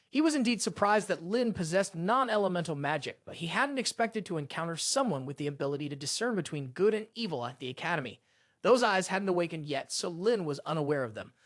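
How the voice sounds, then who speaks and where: A man's voice: high voice, a bit bright, no echo, clean studio sound. A man narrating a story recap in a scripted reading style, voicing the characters' lines in his own narrating voice. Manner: reads every character's lines in the same narrating voice.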